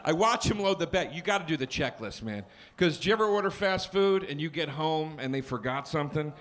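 A male stand-up comedian telling a story on a club stage, animated and prone to shouting. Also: a little high, brisk. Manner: animated, swings into shouting and mock voices. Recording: live club recording with crowd noise. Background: laughing audience.

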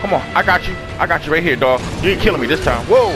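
A man giving excitable, profanity-laced let's play commentary, talking back to the enemies he fights. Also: on the high side, fast talker, hardly any pauses. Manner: excitable, swears a lot, talks to enemies. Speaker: gamer. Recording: background music.

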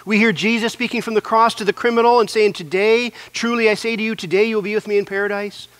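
High-voiced man preaching a sermon. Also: steady tone, fairly bright tone, no echo. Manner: earnest, measured preaching with repeated phrases. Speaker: pastor.

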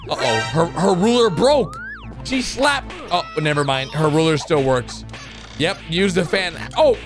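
A man commenting excitedly on cartoon animations, jumping between low murmurs and sudden shouts and gasps. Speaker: gaming YouTuber. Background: background music.

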